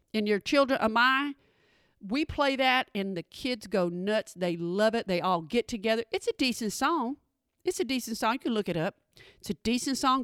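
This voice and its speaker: A woman's voice: a little high, fairly bright tone, no room sound. Sassy woman doing stand-up. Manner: sassy, dry asides, drops into mimicked voices. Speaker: comedian. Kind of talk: stand-up comedy.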